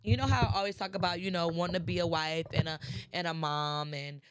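A woman with a fairly low, clear, resonant voice hosts a podcast, speaking a little fast with fairly even intonation. Allergies make her sound congested and nasal, and her chatty motivational talk rises into impassioned preaching.

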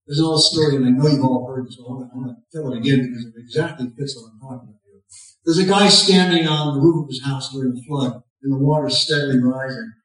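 A preacher with a mid-range, fairly bright voice talks quickly through a storytelling sermon, full of folksy, self-mocking humor. He pushes his voice up on the punch lines, and the distant mic makes everything sound very echoey.

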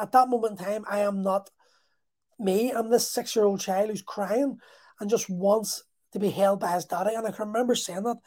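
A man telling a personal story in a halting, emotional way, full of restarts. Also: high-pitched, mellow.

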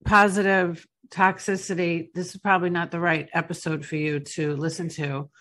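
Woman, podcast host, bright voice, fervent and emotional, casual chat. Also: on the low side, level tone, moderate pace.

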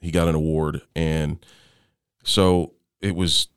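Middle-aged man as interview guest, smooth resonant low voice, dry close sound, halting delivery with restarts. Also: little pitch movement, no echo. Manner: halting, with frequent restarts and fillers. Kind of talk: personal storytelling in conversation.

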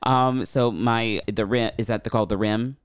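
A man chats on a podcast in a smooth, resonant voice, recorded close and dry. He tells his story with animation and slips into the voices of the people in it. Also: medium pitch, steady tone, normal speed, no room sound. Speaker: podcast co-host. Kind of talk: casual chat, storytelling.

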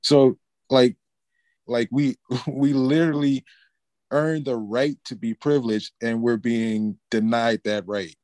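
A man's voice: mid-range voice, fairly even intonation, slow pace, a little mellow, no room sound. A man speaking hesitantly with many fillers in a casual discussion.

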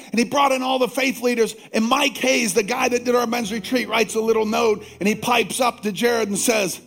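A male pastor preaching a sermon, calling out to the congregation for responses and slowing down to stress scripture. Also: very high voice, fairly even intonation, vocal fry, faint music behind. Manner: slows down to stress scripture lines.

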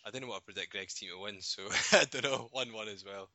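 A man's voice: lowish voice, fast talker, pushed and bright, no room sound. A Scottish man co-hosting a casual podcast, jokey and teasing, laughing often. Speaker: podcast co-host. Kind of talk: casual chat. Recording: dry, dull lo-fi podcast audio.

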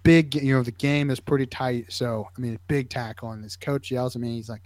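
An animated man telling stories in a relaxed podcast chat, now and then jumping into squeaky kid voices. His voice sits at an ordinary middle pitch. It is recorded close and dry, with no room sound. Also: fairly quick, hardly any pauses, dry recording. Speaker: podcast co-host, sideline medic. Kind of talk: casual storytelling chat.

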